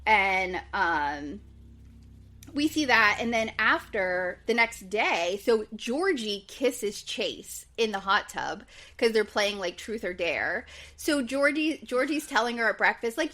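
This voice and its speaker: A woman with a medium-pitched voice speaks slowly while co-hosting a podcast, recapping a reality show. She's casual and chatty, saying "like" and "um" a lot and quoting people in lively voices.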